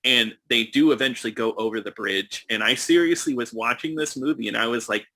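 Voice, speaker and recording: A man's voice: mid-range voice, fairly quick, sharp tone. A man co-hosting a movie podcast in casual chat, talking with enthusiasm and many fillers. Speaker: podcast co-host.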